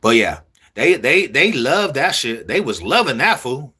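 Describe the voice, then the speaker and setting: A young man talking casually to his viewers in street slang, repeating himself in a loose, drawn-out way. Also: mid-range voice, big pitch swings, pushed and bright, breathy edge. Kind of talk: casual street talk to camera.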